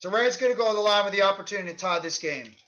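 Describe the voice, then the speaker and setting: A man doing fan play-by-play of a basketball game, shouting on big plays and fuming at the referees. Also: high-pitched, rapid-fire, lo-fi sound. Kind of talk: live play-by-play commentary.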